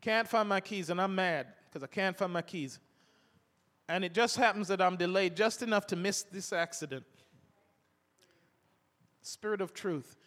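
A man's voice: high voice, unhurried, long pauses, fairly bright tone, in a large hall. An older man preaching a sermon, reading scripture aloud between homely stories.

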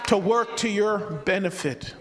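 A man delivers a sermon with a notably high voice, speaking conversationally and slipping into quoted voices. He often restarts and repeats words. The sound rings out with a long reverb, as in a large church hall. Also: a little slow. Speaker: preacher.

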